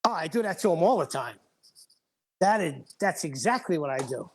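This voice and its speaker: Lively higher-voiced man telling stories. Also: moderate pace, creaky, slight background noise. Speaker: father, podcast guest. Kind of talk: casual chat.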